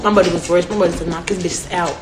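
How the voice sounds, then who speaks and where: A woman's voice: fairly low pitch, fairly even intonation, fast talker. A young woman telling stories in a casual chat, brash and profane, often laughing. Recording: echoey room with faint noise.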